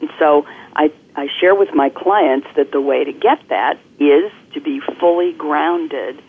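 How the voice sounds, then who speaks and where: A woman guest coach explaining things clearly and articulately in an interview, speaking over the phone. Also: low-pitched, unhurried. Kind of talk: interview on a podcast. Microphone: telephone. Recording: phone-line call-in audio.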